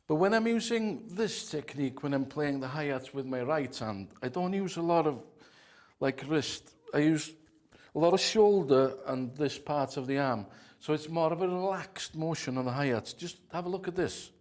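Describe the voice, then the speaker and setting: A man giving a comic drum masterclass as an earnest, deadpan instructor who rambles and often drops into quiet asides. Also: fairly high pitch, normal speed.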